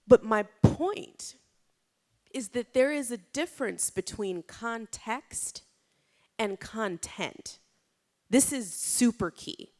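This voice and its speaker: A woman giving a conversational keynote talk at a conference. She tells stories informally, often saying "like" and "you know", and raises her voice when she acts out what people said. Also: mid-range voice. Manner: lively, dramatizes quotes with raised voice. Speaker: conference speaker.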